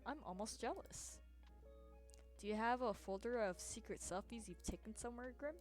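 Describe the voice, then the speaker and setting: A woman's voice: on the high side, lively intonation, normal speed, darkish tone, soft background music. A woman streaming a game, reading her lines in a playful, teasing, giggly way. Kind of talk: casual game playthrough.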